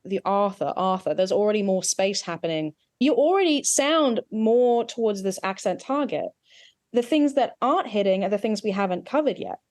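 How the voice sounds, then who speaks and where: A woman dialect coach explains tongue, jaw and vowel placement in a patient, technical way. Her voice sits at an ordinary middle pitch. The recording is dry and close, with no room sound. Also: moderate pace, a little mellow, no room sound. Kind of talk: accent coaching session.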